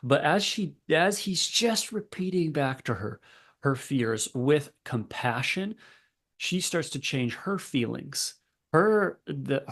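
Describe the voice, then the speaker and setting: Gravelly-voiced male therapist telling a story. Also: mid-range voice. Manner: relaxed, lots of fillers and restarts. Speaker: therapist and podcast guest. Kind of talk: conversational storytelling.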